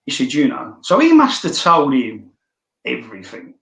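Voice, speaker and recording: Male podcast guest, blunt anecdotal storyteller with frequent swearing, middle pitch, echoey room sound. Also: very animated, moderate pace, vocal fry, a bit bright. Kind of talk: casual storytelling. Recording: roomy echo.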